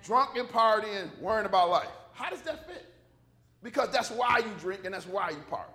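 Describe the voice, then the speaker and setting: A man preaching in a church with a strikingly high, bright voice. His pitch leaps around as he hammers points home and jokes with the room. Emphatic, call-and-response delivery. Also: expressive, moderate pace. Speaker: pastor. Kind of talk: sermon.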